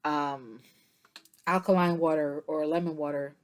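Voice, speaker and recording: A woman's voice: deep voice, steady tone, measured pace. A tired woman giving a casual tarot reading to camera, chatty and meandering, with many fillers and yawns. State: tired, yawning. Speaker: tarot reader.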